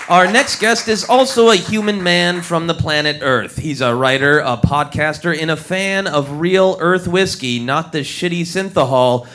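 A man's voice: fairly high pitch, normal speed, few pauses, pushed and bright. A man hosting a live podcast on a theater stage in front of an audience, upbeat and jokey. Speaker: podcast host.

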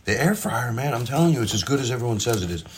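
A man's voice: medium pitch, animated, very fast, breathy edge. A man casually chatting about his cooking as he eats, rambling and joking in a home kitchen, recorded on a propped-up phone. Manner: rambling, self-interrupting, jokey. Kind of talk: casual food chat while cooking and eating.

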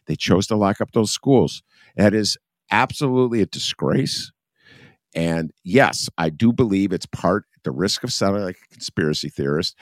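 A man's voice: rumbling low, dry recording, studio quality. A man hosting a political talk show, talking heatedly and working himself up. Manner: heated, builds from calm to ranting.

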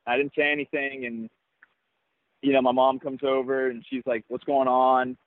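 A young adult man, a baseball player, telling a personal story in an interview in an earnest, reflective way with halting restarts. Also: mid-range voice, level tone, no room sound. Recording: tinny phone-like, dry sound.

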